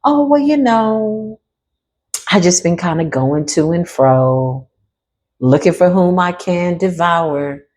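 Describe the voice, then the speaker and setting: Slow sly devil, drawling, low-key, played by a woman. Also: animated, a little mellow. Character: sly, slow-talking devil who prowls for prey.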